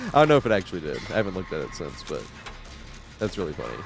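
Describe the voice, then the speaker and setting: Male game streamer, casual and profane, loose rambling commentary, slightly low voice. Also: huge pitch swings, fast, creaky, over music. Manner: rambling, swears a lot, laughs often. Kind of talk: live-stream gameplay commentary.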